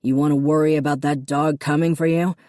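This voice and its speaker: A woman's voice: deep voice, flat delivery, brisk, mellow, no room sound, studio quality, close to an everyday voice. A woman voicing a stern, harsh middle-aged father who snaps curtly at his son. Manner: snapping, curt.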